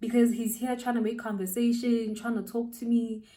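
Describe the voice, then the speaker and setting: South African woman telling an animated story. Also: on the high side, moderate pace, recorded from a distance. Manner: animated, laughing, slangy. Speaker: beauty vlogger. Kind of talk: storytelling while doing makeup.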